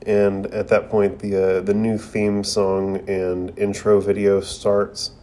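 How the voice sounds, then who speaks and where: A man's voice: on the low side, completely flat delivery, slow, dark tone. A young man casually recapping an anime episode, reading the characters' lines aloud in his own voice with loose fillers and slang. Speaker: anime reviewer.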